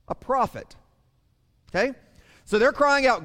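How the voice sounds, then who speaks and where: A man preaching a sermon, telling the story in a lively way and speaking straight to the children in the congregation. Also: sits high, measured pace, long pauses. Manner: animated storytelling, addresses children directly. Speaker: pastor. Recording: long reverb of a large hall.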